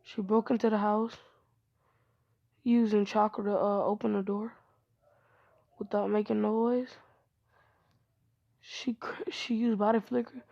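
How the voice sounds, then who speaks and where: A woman's voice: medium pitch, creaky, no echo, highs cut off. A woman improvising a fan-fiction story aloud, rambling with many fillers and restarts.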